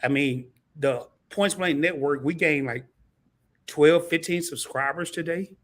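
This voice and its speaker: Relaxed chatty man, slightly high voice. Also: unhurried. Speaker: live stream guest. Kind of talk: casual live-stream chat.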